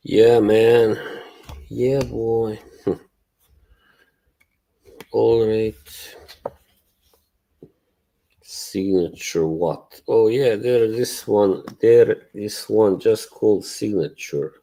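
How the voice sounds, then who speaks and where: Slow, deep-voiced man chatting on stream. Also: steady tone, dark tone. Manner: rambling, swears often, laughs a lot; greets and answers chat viewers. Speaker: livestream host. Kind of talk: casual live stream chat.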